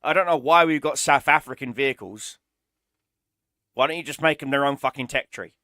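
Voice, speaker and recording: A man's voice: mid-range voice, fairly quick, bright, forceful tone, no echo, studio quality. A man streaming a game, ranting in an exasperated, sarcastic way and swearing often. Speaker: gaming streamer. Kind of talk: ranting gameplay commentary.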